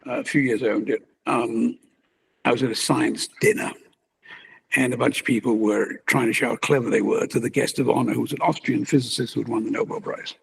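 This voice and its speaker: An older man, a magazine publisher and interview guest, musing in an animated, conversational way and chuckling as he talks. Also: mid-range voice, fairly quick, vocal fry, slight background noise.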